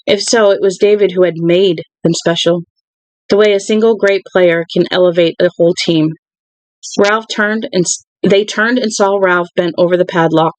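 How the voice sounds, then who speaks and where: An audiobook reader narrating a novel in an even, unhurried way, with a middle pitch. The recording is dry and close, with no room sound. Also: dry recording, poor audio. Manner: even, unhurried reading with occasional restarts. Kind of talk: reading a novel aloud.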